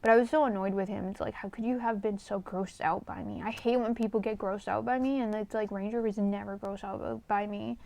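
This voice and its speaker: A woman's voice: medium pitch, steady tone, a little fast, vocal fry, hardly any pauses, darkish tone. A woman vlogger telling a personal story in casual storytime style, candid and rambling, with lots of fillers, swearing and an emotional, confessional tone.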